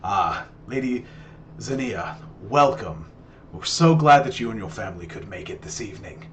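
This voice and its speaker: A man's voice: fairly low pitch, expressive, moderate pace, a little hiss or hum, close to an everyday voice. A man voicing a polite young prince hosting a royal gathering, with courtly, formal phrasing. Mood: welcoming.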